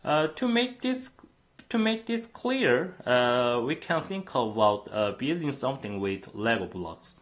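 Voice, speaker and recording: A man's voice: mid-range voice, very animated, a little slow, fairly bright tone. A man lecturing a university class on computing, explaining step by step with frequent "uh" fillers.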